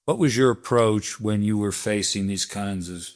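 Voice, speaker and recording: A man's voice: fairly low pitch, moderate pace. A male host asking long, meandering questions with fillers in an interview.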